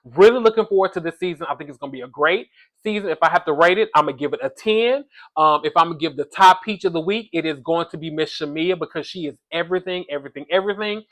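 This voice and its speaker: A man's voice: a little high, quick pace, a bit bright. A man hosting a casual reality TV recap, chatty and gossipy, talking straight to his viewers.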